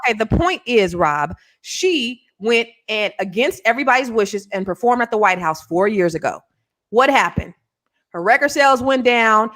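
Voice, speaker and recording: A woman's voice: fairly high pitch, expressive, normal speed, fairly bright tone. A woman co-hosting a casual chat show, blunt and argumentative, often talking over her partner. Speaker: co-host.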